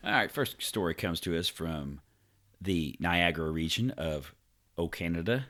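Male podcast co-host, very deep voice, reads the news with crude jokey commentary. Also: animated, measured pace, sharp tone. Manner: reads stories aloud with jokey asides, stumbles on names and swears. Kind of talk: casual podcast banter.

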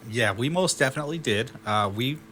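A man's voice: medium pitch, lively intonation, brisk, bright, forceful tone, slight background noise. Rambling man co-hosting a podcast. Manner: rambling, repeats and restarts phrases. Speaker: podcast co-host. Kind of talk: casual podcast chat.

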